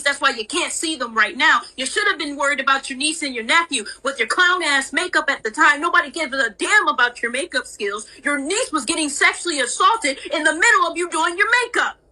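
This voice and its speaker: Scolding woman with a bright, high voice. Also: expressive, brisk, few pauses, poor audio. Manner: scolding, relentless, cutting. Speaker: livestream participant. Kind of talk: heated livestream argument.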